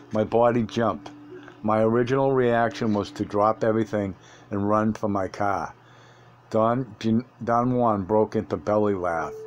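A man narrating a first-person audiobook in a steady reading voice, with occasional slips and restarts. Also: on the low side, a little hiss or hum.

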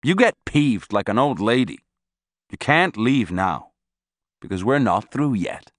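A man reading a stern, gruff old teacher. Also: medium pitch, very animated, measured pace, no echo, clean studio sound. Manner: severe and gruff, then mocking. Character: stern, teasing older male teacher.

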